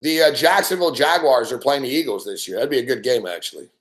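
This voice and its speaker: A man's voice: mid-range voice, quick pace, a bit bright. A middle-aged Canadian man hosting a late-night betting stream, rambling and swearing constantly with frequent laughs. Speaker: host.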